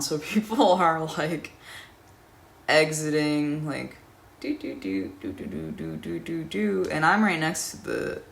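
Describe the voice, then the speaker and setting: Gravelly young woman telling a story. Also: sits low, fairly bright tone, a little hiss or hum. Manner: profane, rambling, laughing. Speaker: storyteller vlogger. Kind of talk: casual storytime.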